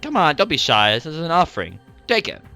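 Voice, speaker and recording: A man's voice: a little high, huge pitch swings, brisk, vocal fry, bright, forceful tone, soft background music, pitched above the performer's own voice, exaggerated voice. A man voicing a bombastic young mad scientist in a game read-aloud, theatrical and gloating. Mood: mocking.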